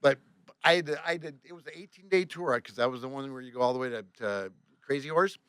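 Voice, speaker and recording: A man, a tour bus driver, telling a story on a podcast in a casual, animated and profane way, acting out both sides of a conversation. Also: mid-range voice, fast, clean tone, dry recording, clean studio sound. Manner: animated, profane, reenacts dialogue with "I go, he goes".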